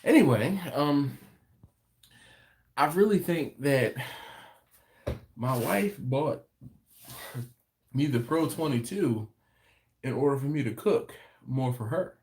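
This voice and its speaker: A man's voice: medium pitch, lively intonation, takes it slowly, pauses often, darkish tone. A man talking casually on a live stream from his home late at night. He reads viewer comments aloud and chats about them, and his voice rises and falls a lot. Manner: chatty and easygoing, laughs often. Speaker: host of a barbecue channel livestream.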